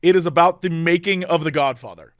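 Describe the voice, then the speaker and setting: High-voiced excitable man podcasting. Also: a little fast, dry recording, clean studio sound. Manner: excitable, rambling, with frequent fillers. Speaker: podcast co-host. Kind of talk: casual chat.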